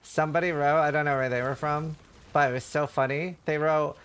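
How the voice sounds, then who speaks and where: Male streamer, fairly high voice, loose rambling chat, laughs easily. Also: normal speed, a bit bright, clean tone. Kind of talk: casual livestream chat.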